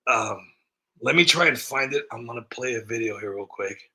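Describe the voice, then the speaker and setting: Stammering man ranting, gravelly bright voice. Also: medium pitch, moderate pace. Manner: stammering restarts, sarcastic, swings into shouted outbursts. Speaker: comedy channel host. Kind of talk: ranting commentary.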